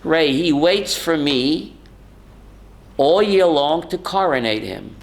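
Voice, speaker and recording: A man's voice: a little high, expressive, takes it slowly, gravelly, low-quality recording. A man, a rabbi, teaching a Torah class to students, calling on them by name and quoting Hebrew sources.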